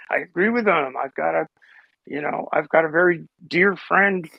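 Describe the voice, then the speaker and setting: A man with a gravelly, fry-laden voice that sits a little high, recorded close and dry. He argues his side in a heated online talk, stopping and restarting often. He sounds defensive as he pushes back. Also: moderate pace, pushed and bright, no echo, rough recording. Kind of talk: heated discussion.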